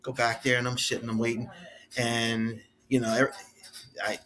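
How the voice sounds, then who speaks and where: A man, a guest on a podcast, telling backstage stories in an animated, laughing way and acting out what people said. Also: mid-range voice, normal speed. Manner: lively, laughing, acts out quotes. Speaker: guest, former head of wrestling security.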